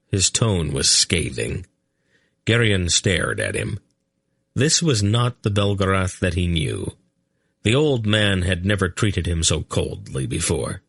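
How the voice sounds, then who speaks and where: Male audiobook narrator, deep, dry studio sound, measured delivery. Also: lively intonation, creaky, a bit bright, slightly rough, no room sound. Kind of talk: scripted narration.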